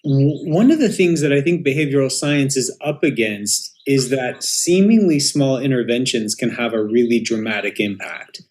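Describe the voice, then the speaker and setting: A man's voice: medium pitch, moderate pace, hardly any pauses, a little mellow. A man in a mid-range voice, hosting an interview podcast. He responds to his guest with thoughtful, reflective remarks. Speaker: podcast host. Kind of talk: conversational interview.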